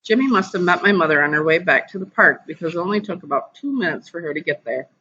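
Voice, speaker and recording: A teacher reading a children's novel aloud to a class over a video call, lively and putting on voices. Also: mid-range voice, fast, husky, muffled recording. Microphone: computer mic on a video call.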